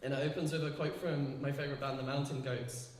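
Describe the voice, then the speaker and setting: A woman's voice: extremely low pitch, fairly even intonation, fast, a little mellow, far from the mic. A young woman, performing her poems live at a gallery poetry night and chatting hesitantly between them, full of fillers. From England. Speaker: poet. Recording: echoey gallery with long reverb.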